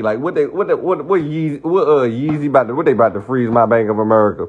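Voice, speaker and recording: A man's voice: on the high side, expressive, quick pace, hardly any pauses, husky, dull audio. A man delivering a defiant, profane livestream rant, repeating himself as he dismisses the people criticizing him. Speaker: social media personality.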